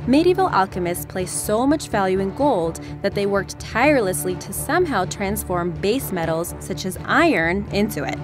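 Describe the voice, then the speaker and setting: A woman reading scripted science-video narration in a brisk, wry explainer manner, played from a video. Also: mid-range voice, lively intonation, over music.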